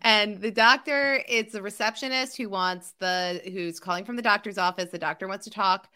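A woman's voice: medium pitch, moderate pace, bright, forceful tone, smooth. A woman co-hosting a casual television recap podcast, playful and often laughing. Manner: giggly, playful, mimics characters' lines. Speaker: podcast co-host.

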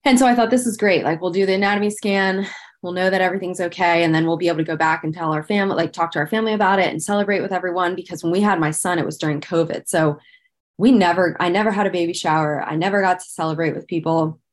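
A woman in her thirties, guesting on a podcast, tells a personal story candidly and earnestly, using "like" often and speaking about painful memories with visible emotion. Her voice is fairly low, her intonation fairly even, and she talks fast.

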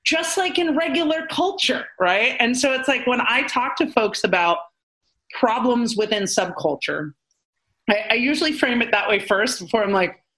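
A woman co-hosting a podcast as a paranormal researcher, speaking earnestly in animated, quick bursts. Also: fairly high pitch. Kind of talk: casual podcast discussion.

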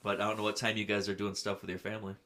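A man's voice: lowish voice, little pitch movement, very fast, sharp tone, slight background noise. A man chatting on a friends' podcast, making brief, dry remarks. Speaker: podcast guest co-host. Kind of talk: casual chat among friends.

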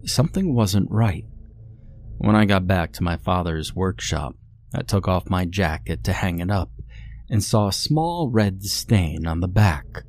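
Deep-voiced man narrating a creepy story. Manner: calm, measured storytelling. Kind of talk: scripted horror story narration.

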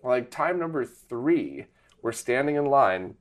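A middle-aged man telling a story in casual conversation, animated and laughing often. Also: mid-range voice, slow pace.

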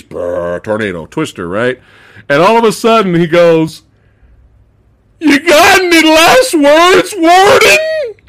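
A man hosts a casual film chat in a fairly high voice that leaps wildly up and down. He talks at an unhurried pace, swears freely, and breaks into laughter as he acts out lines. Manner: animated, laughs often, acts out movie lines. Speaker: podcast host. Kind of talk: casual movie review chat.

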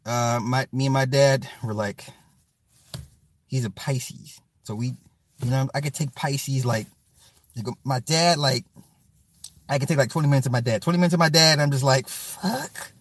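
A man's voice: medium pitch, fairly even intonation, normal speed, long pauses, no echo. A man hosting a casual livestream, reading comments in a loose, profane way and often repeating apologies and fillers.

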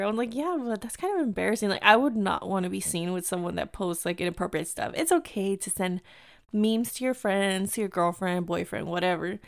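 A woman's voice: medium pitch, brisk, creaky. A woman in her thirties telling a casual story, full of filler words and acted-out quotes, with a few Spanish phrases dropped in. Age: 30s.

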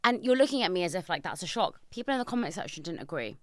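Young woman, podcast host, low-ish voice, emphatic storyteller, dry room. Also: very fast, no echo. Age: young adult. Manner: animated storyteller, rising to emphatic outrage. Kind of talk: conversational podcast interview.

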